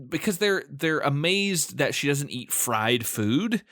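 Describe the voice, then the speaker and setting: A man's voice: fairly high pitch, big pitch swings, slow pace, fairly bright tone, no echo, clean studio sound. A man co-hosting a movie podcast in casual chat, laughing often as he recaps scenes and speculates about the plot. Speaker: podcast co-host.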